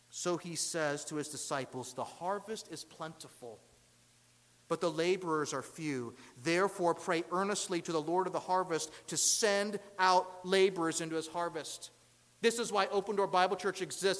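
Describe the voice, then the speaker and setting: A man preaching a sermon as pastor, asking rhetorical questions and swinging between loud emphasis and hushed lines. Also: sits high, normal speed, big-room sound.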